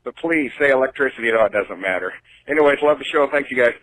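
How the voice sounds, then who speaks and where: A man's voice: medium pitch, animated, quick pace, a bit bright, dry recording, poor audio. A man from southeastern Washington State leaving a chatty, rambling voicemail for a talk show. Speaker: voicemail caller. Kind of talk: casual voicemail message.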